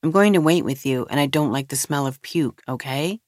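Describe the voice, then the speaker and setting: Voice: medium pitch, moderate pace, no echo, lightly acted. A firm, matter-of-fact woman, voiced by a narrator who does not back down. Her lines are plain and blunt. The sound is close and dry. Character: blunt, determined woman caring for a stranger. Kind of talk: audiobook character voice.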